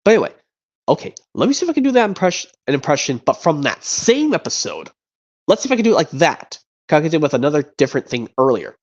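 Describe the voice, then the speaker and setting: Excitable rambling streamer, lively voice. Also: medium pitch, quick pace, muffled recording. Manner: rambling, excitable, mild cursing. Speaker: streamer doing voice impressions. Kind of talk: casual rambling stream chat.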